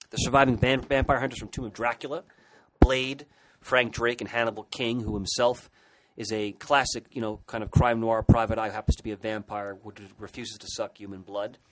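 A man's voice: mid-range voice, fairly even intonation, normal speed, fairly bright tone, slight background noise, poor audio. A man co-hosting a podcast, chatting enthusiastically about comic book history with frequent restarts. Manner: enthusiastic, hesitant restarts and fillers. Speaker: podcast co-host. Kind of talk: casual podcast discussion.

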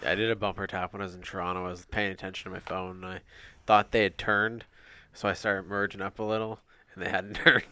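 A man with a lowish, smooth, resonant voice, chatting casually. He retells his run-ins with an indignant edge, recorded close with no room sound. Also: flat delivery, fast, pushed and bright, no room sound. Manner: indignant storytelling. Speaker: podcast co-host. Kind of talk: casual chat.

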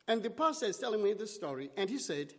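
A man's voice: high voice, sing-song, quick pace, in a large hall. A man preaching a sermon, telling a story in short, dramatic phrases.

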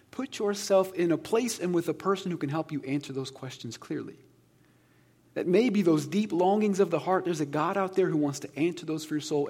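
A pastor delivers his sermon in a high, somewhat husky voice. He speaks earnestly and conversationally and slips in humor. His tone stays personal. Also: a little mellow.

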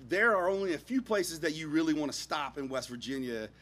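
A man telling a funny personal anecdote, expressive, dropping into hushed asides and rising to near-shouts, chuckling as he goes. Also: on the high side, fairly quick. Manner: chuckles through his own story. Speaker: storyteller.

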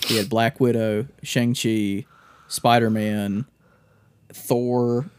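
A man's voice: medium pitch, little pitch movement, slow, noisy background. A man co-hosting a casual podcast, rambling and restarting his sentences and swearing freely. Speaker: podcast co-host. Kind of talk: casual chat.

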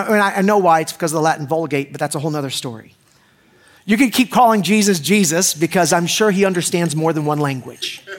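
A man in middle age delivers a sermon with a relaxed, joking ease. His voice sits high for a man. He keeps asking the congregation questions as if chatting with them. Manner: joking, conversational, asks the crowd questions. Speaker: pastor.

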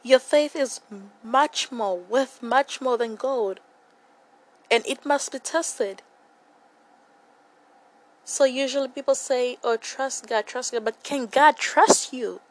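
An earnest young woman speaks a devotional Bible reflection. Her voice sits a little high, and she repeats key phrases for emphasis. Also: slow, pauses often, poor audio.

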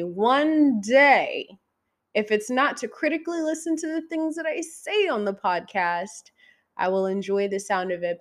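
Woman in her thirties, solo podcast host, unhurried, foul-mouthed, playful, pitch jumps up when excited. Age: 30s. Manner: profane, teasing, talks straight to the listener; high inflection when excited. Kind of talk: casual solo podcast chat.

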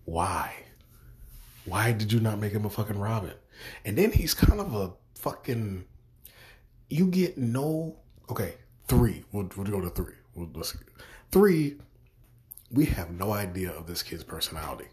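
A man's voice: lowish voice, very animated, normal speed, darkish tone. Exasperated profane man ranting. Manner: exasperated, heavy swearing, repeats himself. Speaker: podcast host.

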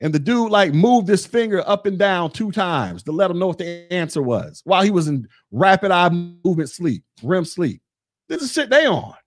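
A man's voice: sits high, very animated, normal speed. A man in his forties hosting a podcast, ranting bluntly with mocking, profane talk. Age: 40s. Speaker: podcast host. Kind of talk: casual rant.

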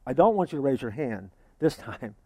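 A man preaching a sermon as pastor, lively, acting out what his listeners might say. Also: medium pitch, brisk, no room sound. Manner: lively preaching, acts out imagined congregants.

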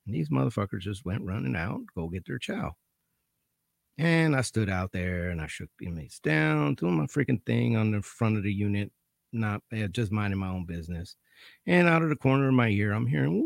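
A man with a low, gravelly voice tells a story from his days as a corrections officer. He talks casually, swears freely and sounds dryly amused. His pitch swings widely, and the recording is close and dry. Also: lively intonation, brisk, no room sound. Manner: profane, laid-back, dryly amused. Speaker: corrections officer telling prison stories.

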